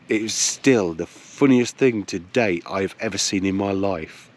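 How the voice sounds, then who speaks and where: A man, telling a casual anecdote as a camping companion, wry and dramatic, with long pauses. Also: on the low side.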